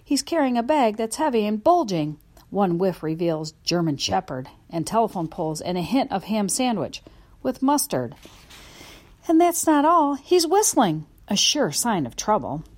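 A woman's voice: medium pitch, moderate pace. A woman narrating a children's story in a first-person voice, telling it expressively. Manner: expressive, lively storytelling from a dog's view. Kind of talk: audiobook narration.

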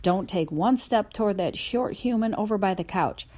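Brief: woman playing a bossy, loyal family dog, pitched high and shouting warnings, storybook read. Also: normal speed, lightly acted. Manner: high, loud, urgent barking delivery. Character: excitable, loyal, self-important pet dog. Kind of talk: audiobook character voice.

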